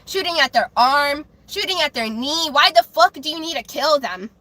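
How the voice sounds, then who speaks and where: Angry high-voiced woman ranting. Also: expressive, sharp tone, no echo. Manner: angry, heated ranting with swearing; halting restarts and repeated words. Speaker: livestreamer. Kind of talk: livestream rant to chat.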